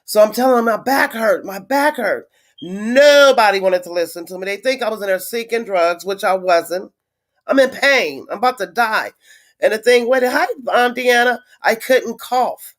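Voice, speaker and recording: A woman chatting casually on a live stream to her viewers, venting in a frustrated, blunt way with swearing and halting restarts. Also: on the high side. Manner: halting with many fillers and restarts. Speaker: livestreamer greeting viewers.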